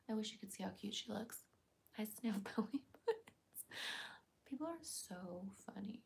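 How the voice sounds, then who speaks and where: Woman, livestream host, fairly high voice, playful, chatty, reads comments aloud. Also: normal speed, gravelly, fairly bright tone. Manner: jumps to a high baby voice when calling her cat. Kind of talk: casual livestream chat.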